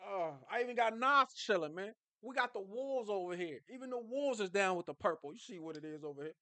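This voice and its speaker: A man talking casually and excitably as a football fan vlogger, jumping from low mutters to high yelps. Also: fairly quick, dry recording. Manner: animated, excitable, swings from low mumbling to high shouts.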